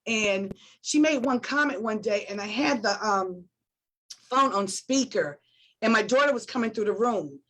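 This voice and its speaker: A woman's voice: medium pitch, expressive, moderate pace, fairly bright tone, low-quality recording. A woman guest on a talk show, speaking earnestly and emotionally about supporting a friend and repeating her points for emphasis. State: emotional, near tears.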